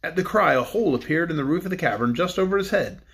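A man narrating a children's storybook in a steady, measured reading. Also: on the high side. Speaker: audiobook narrator.

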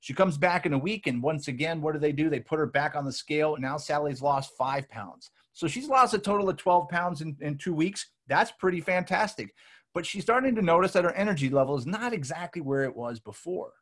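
Animated, slightly high-voiced man telling a story. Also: a little fast. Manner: animated storytelling with acted-out quotes and many restarts. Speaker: weight loss coach presenter. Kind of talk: energetic talk to a live audience.

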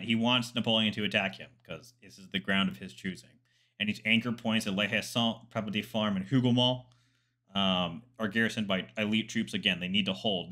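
A man's voice: lowish voice, sharp tone. A man, a military historian, commenting casually on a documentary, chatty and digressive with asides and fillers.

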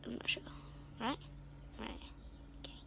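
A schoolgirl in her early teens whispers at a measured pace, her voice a bit bright, as she chats playfully to a phone camera held close at home. In this casual vlog chat she talks to her pets in a silly voice.

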